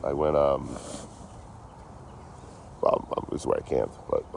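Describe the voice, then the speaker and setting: A man's voice: very deep voice, expressive, unhurried, vocal fry, darkish tone, a little hiss or hum. A man from Detroit rambling casually and swearing a lot on an outdoor livestream, talking into his phone. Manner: rambling, heavily profane. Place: outdoors, by a road.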